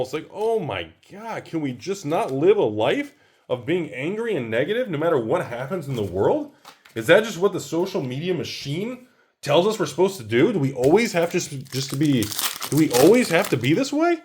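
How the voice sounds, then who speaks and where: A man's voice: fairly high pitch, darkish tone, slightly rough. A man hosting a card-opening video, ranting casually and exclaiming over each card he pulls. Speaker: host opening card packs.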